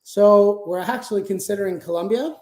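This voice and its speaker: A man's voice: high voice, a little fast, a little mellow, reverberant. A man talking casually as an interview guest about managing a sales team, explaining things step by step with frequent fillers.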